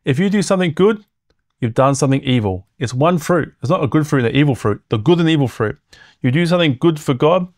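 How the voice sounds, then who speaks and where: A man's voice: fairly high pitch, expressive, quick pace, no echo, clean studio sound. A man preaching a sermon in a conversational teaching manner, reading scripture aloud, chuckling between points and often checking in with "okay?".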